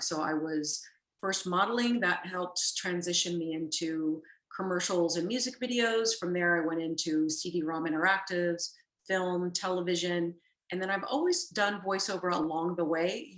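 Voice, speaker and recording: A middle-aged woman guest chats about her career, rambling and correcting herself as she goes and laughing easily. Her voice sits a little low. The room around her is roomy and echoey. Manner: warm, rambling, self-correcting storyteller who laughs easily. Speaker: actress guest. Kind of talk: casual interview chat.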